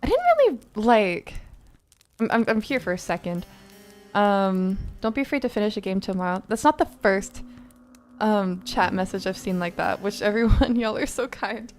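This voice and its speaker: A woman's voice: mid-range voice, lively intonation, normal speed. A tired young woman streamer chatting casually, rambling with lots of fillers and laughs.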